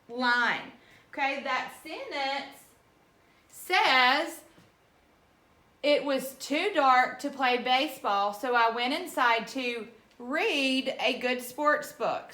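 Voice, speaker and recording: A woman teacher giving a recorded reading lesson, talking slowly and patiently and spelling words out letter by letter. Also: sits high, animated, bright, forceful tone. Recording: echoey room.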